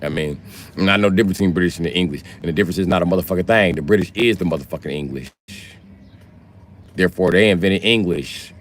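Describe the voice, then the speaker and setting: A man livestreaming a loud, profane comedic rant, jumping between low mutters and high outbursts. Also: fast, slight background noise. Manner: loud, profane, swings pitch wildly.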